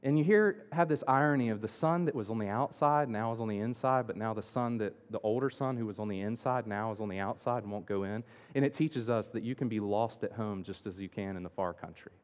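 A man preaching a sermon as pastor, swinging between loud emphatic lines and quiet asides. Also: lowish voice, a little fast, hardly any pauses. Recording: long hall reverb.

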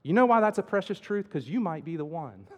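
A man preaching a sermon as pastor, swinging between loud emphatic lines and quiet asides. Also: high voice, animated, brisk. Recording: long hall reverb.

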